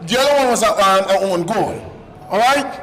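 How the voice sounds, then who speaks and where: A man giving live football commentary, excitable and bantering, shouting when goals go in. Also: high-pitched, normal speed, big-room sound, a little hiss or hum, poor audio. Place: stadium commentary position.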